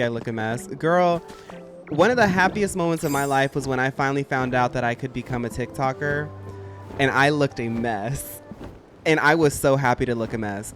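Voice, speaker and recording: A streamer chatting casually while playing a game, giggling and tossing out slangy asides. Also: medium pitch.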